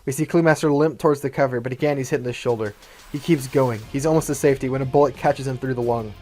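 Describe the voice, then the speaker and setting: A man reading out his own fan-written action script in a brisk, matter-of-fact way. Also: mid-range voice, fairly even intonation, darkish tone. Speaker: storyteller.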